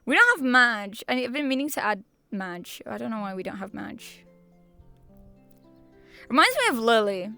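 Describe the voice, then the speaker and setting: A woman's voice: fairly high pitch, very animated, normal speed, vocal fry, long pauses, bright, forceful tone, clear, resonant tone, soft background music. A young woman streamer chatting casually to her viewers, rambling with restarts, slang and laughter. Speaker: VTuber streamer.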